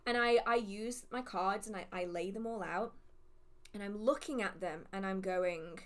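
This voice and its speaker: A woman's voice: mid-range voice, normal speed. A young woman hosting a witchcraft livestream, telling a rambling, self-deprecating story full of fillers. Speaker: witchcraft channel host.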